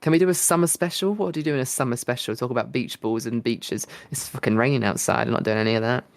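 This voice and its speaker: A third man co-hosts the podcast with a creaky, mid-range voice and a quick pace. The talk is casual and joking, and he wanders off topic with plenty of ums and false starts.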